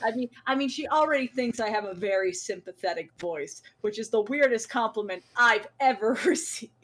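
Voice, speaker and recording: A woman hosts a casual podcast chat with an animated, laughing delivery. Her voice sits a bit higher than most, and she often restarts a sentence when she gets excited. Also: normal speed. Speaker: podcast host.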